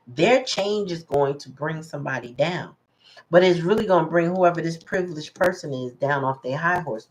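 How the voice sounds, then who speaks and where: A woman's voice: sits low, low-quality recording. A woman giving a casual live tarot reading, musing aloud and greeting her viewers. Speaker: tarot reader.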